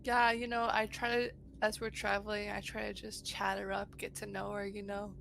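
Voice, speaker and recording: A woman at a tabletop game talks casually and easily, with plenty of fillers. Her mid-pitched voice carries a gravelly, creaky edge. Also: little pitch movement, moderate pace, a bit bright, a little hiss or hum, poor audio. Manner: casual, laid-back, with fillers. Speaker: player. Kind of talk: casual tabletop role-play.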